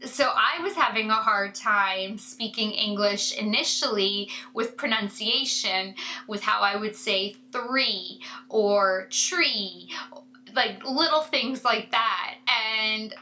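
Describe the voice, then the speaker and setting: A woman's voice: mid-range voice, takes it slowly, bright, forceful tone, rough recording. A woman beauty vlogger chatting casually to her viewers in a rambling way, with many fillers and asides. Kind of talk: casual chat to camera.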